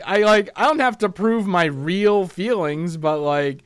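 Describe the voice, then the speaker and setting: Recorded with no room sound, a man with a high, clear, resonant voice talks expressively and unhurriedly over a video game. His let's play commentary is loose and self-deprecating, with frequent restarted sentences as he works through his thoughts.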